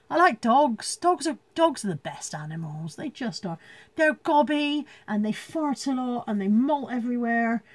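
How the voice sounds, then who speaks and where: A woman's voice: high-pitched, no room sound. A woman chatting casually from home on a live stream, rambling, laughing often and reading out viewer comments. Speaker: reseller hosting a live stream.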